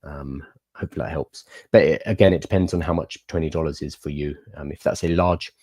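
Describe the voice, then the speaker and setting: A young man hosts a casual livestream, talking through questions from his viewers in a chatty, explanatory way. His voice sits low, and the sound is dry and close, with no room echo. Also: steady tone, fairly quick, dark tone. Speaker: livestream host.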